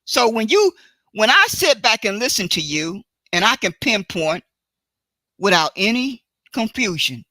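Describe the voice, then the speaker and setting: A woman hosting a solo live stream, talking in a deliberate, emphatic way and often stopping to correct and repeat herself. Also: mid-range voice, very animated, pushed and bright, no room sound. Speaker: livestream host. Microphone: computer mic for a live stream.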